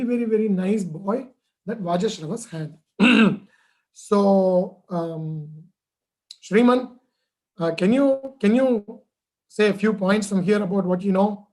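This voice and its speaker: A man's voice: high voice, measured pace, a little mellow. A man telling a traditional story to children in a conversational way, checking in with his listeners.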